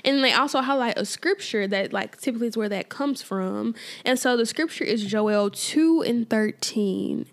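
A woman's voice: on the high side, moderate pace, few pauses. A woman hosting a casual faith podcast, talking informally with lots of fillers and repeated phrases for emphasis. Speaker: podcast host.

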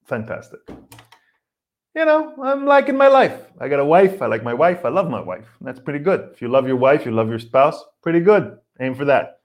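A man's voice: mid-range voice, lively intonation, fairly quick, muffled recording. A man, hosting a podcast and riffing jokily in a casual comic monologue. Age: 40s. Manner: rambling, jokey, acts out mock voices of others. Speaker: podcast host.

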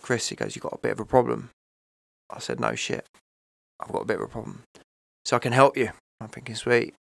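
Gravelly-voiced man telling a raw story. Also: lowish voice, fairly bright tone, no room sound. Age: 30s. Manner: emotional, rambling, repeats "right?" and "you know". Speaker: podcast guest. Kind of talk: candid personal storytelling.

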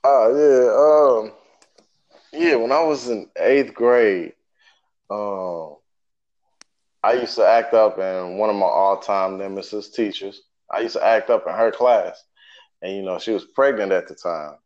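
Low-voiced man on a dull lo-fi recording. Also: measured pace, a little mellow. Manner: easygoing, self-mocking, laughing. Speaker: co-host. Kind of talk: casual storytelling chat. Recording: dull lo-fi sound.

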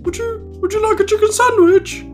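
A man putting on a squeaky, high-pitched posh voice for a pestering front-of-house worker who wants a sandwich. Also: steady tone, fairly quick, soft background music. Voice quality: very high falsetto.

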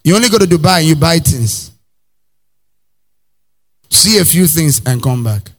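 A man preaching a sermon in a Nigerian accent, animated, acting out little scenes and slipping into pidgin phrases. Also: on the high side, unhurried. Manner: animated preaching, acts out characters, slips into pidgin. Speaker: pastor.

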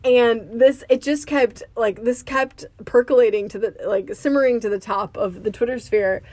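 A woman's voice: on the high side, moderate pace, no room sound. A woman, co-hosting a podcast in casual chat and reading a story aloud with gusto. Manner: animated, reads aloud with growing gusto. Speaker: podcast co-host.

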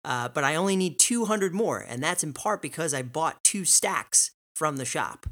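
A man's voice: fairly high pitch, animated, moderate pace, a bit bright. A man hosting a casual gaming podcast, dry and teasing with his co-host. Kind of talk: casual chat.

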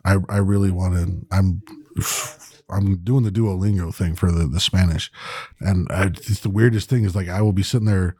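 A man's voice: low-pitched, fairly even intonation, moderate pace, dark tone, slightly rough, dry recording. A man co-hosting a casual podcast chat, joking, laughing often, swearing and stammering through restarts.

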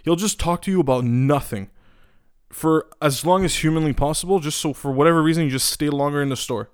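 A man's voice: fairly high pitch, brisk, smooth, no room sound, studio quality. A young man from Eastern Europe, ranting casually with lots of swearing, restarts and fillers. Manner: profane, animated, many restarts and filler words. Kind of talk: casual rant.

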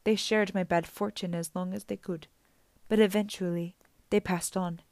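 A woman reading an audiobook voices a lonely, sweetly sinister old woman who talks slowly and soothingly. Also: mid-range voice, fairly even intonation, darkish tone, dry recording, natural voice. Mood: mournful. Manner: slow, soothing and sad.

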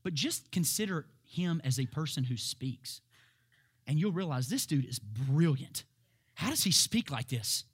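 A man preaching a sermon, emphatic and full of rhetorical questions, laughing at times and building up to shouted peaks. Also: fairly high pitch, sing-song, unhurried, breathy edge.

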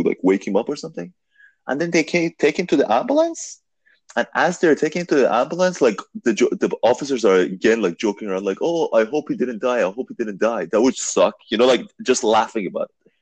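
A man telling a long story in a casual podcast conversation, animated and full of fillers, swearing now and then. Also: mid-range voice, fast talker, breathy edge, no echo.

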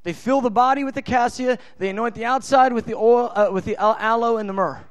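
High-voiced, impassioned male preacher. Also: steady tone, fairly quick. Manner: impassioned, emphatic, with colloquial asides. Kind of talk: sermon.

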